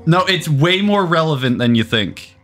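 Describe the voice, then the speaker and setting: A young man chatting casually with friends during a video game, playful and quick to mimic others. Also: on the high side, animated, fairly bright tone, soft background music. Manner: playful, laughing, mimics voices. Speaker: co-host. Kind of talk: casual gameplay chat.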